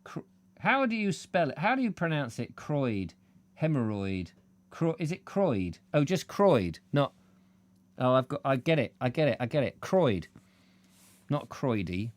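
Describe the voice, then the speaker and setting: A man's voice: mid-range voice, big pitch swings, unhurried. A man reading a travel book aloud, breaking off into playful, self-mocking comic asides. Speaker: audiobook reader.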